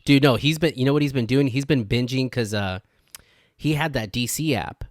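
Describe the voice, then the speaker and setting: A man co-hosting a casual podcast, excitable, saying "dude" constantly and acting out quotes from friends. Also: medium pitch, normal speed, no room sound, clean studio sound. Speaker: podcast co-host. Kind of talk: casual chat.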